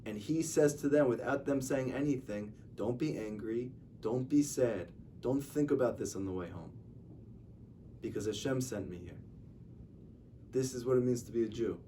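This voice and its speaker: A man's voice: mid-range voice, moderate pace, dark tone. A man, a rabbi, giving an informal religious lecture, talking conversationally and acting out stories with dialogue. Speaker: rabbi teaching a class. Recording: distant mic with faint noise.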